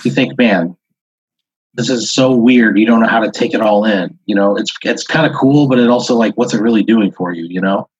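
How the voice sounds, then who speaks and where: A man with a low, breathy voice narrates a comic improvised story as game master. His talk is rambling, full of halts and small chuckles. The audio sounds dull and dry. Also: a little fast, dry recording.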